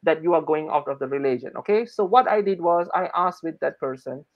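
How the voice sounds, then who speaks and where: A man from Malaysia in his thirties, a native Malay speaker, telling a personal story in an interview, animated and acting out the dialogue. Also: fairly high pitch, brisk, muffled recording. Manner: animated, acts out quoted dialogue, frequent restarts. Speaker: interview guest. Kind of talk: conversational storytelling.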